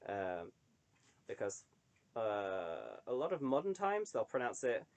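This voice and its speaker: A man's voice: on the low side, very animated, takes it slowly, a little mellow. A young adult man chatting casually to camera, rambling with lots of ums and wry asides. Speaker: online creator reading poetry.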